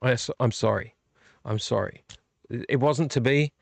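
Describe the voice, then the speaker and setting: Speaking at a normal speed in a creaky, medium-pitched voice with no echo, a man hosts a late-night vlog from his home movie collection room. He sounds weary and frustrated, rambling casually, putting himself down and often restarting.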